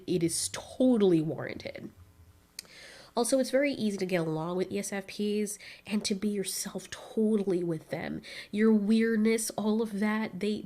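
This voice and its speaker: A young woman in casual chat, telling lively stories and acting out what people said, often breaking into laughs. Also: lowish voice. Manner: animated storytelling, acts out quotes with laughs. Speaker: vlogger.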